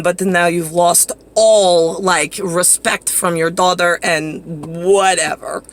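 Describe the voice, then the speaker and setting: A woman's voice: fairly low pitch, a bit bright. A woman talking in a rambling, profane monologue that jumps from topic to topic.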